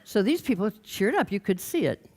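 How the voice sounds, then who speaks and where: A woman from Los Angeles, a workshop leader, telling an anecdote from her groups in a lively way and mimicking the people she quotes. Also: medium pitch, brisk. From Los Angeles, United States. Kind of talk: anecdotal storytelling talk.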